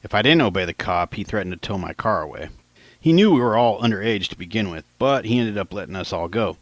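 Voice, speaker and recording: Low-voiced man reading his own novel. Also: expressive, fast, dry recording. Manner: plain, casual storytelling, quotes lines in lightly raised voices. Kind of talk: audiobook narration.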